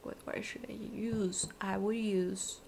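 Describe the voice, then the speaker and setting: A young woman answering fan questions in a casual vlog, sleepy and yawning, slipping into soft whispers and laughing often. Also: mid-range voice, steady tone, slow pace, vocal fry, slight background noise.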